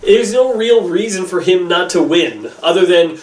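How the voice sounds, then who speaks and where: A man rambles through a casual film review, his pitch leaping up and down. He sounds a bit off the mic in a roomy, echoing space. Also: a little slow, hardly any pauses, recorded from a distance, a little hiss or hum. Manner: animated and rambling, with many fillers.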